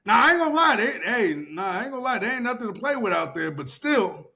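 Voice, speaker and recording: A man casually chatting on a podcast, animated, laughing often and swearing freely. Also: quick pace, vocal fry. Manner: animated, mimics commenters in loud high-pitched yelling. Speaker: podcast co-host.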